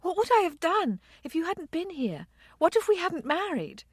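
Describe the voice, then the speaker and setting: A woman's voice: a little high, moderate pace, no echo, clean studio sound, pitched above the performer's own voice, close to an everyday voice. A woman reading a grieving young wife, tremulous. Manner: soft, tremulous pleading. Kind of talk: audiobook character reading.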